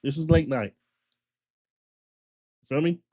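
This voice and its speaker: A man streamer telling a long story in a casual, slangy rant, full of repetition and animated retellings. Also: on the high side, takes it slowly, husky.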